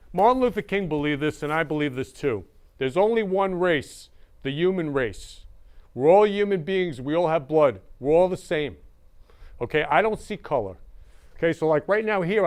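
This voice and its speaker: A man's voice: a little high, smooth. A male show host talking in an effusive casual monologue, repeating loving phrases over and over.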